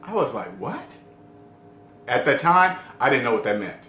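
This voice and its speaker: A man's voice: very animated, a little fast, pushed and bright. A middle-aged man vlogging casually to camera about debt-free living. He talks emphatically, repeats his key points and keeps asking the viewer questions. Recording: roomy echo with faint rumble.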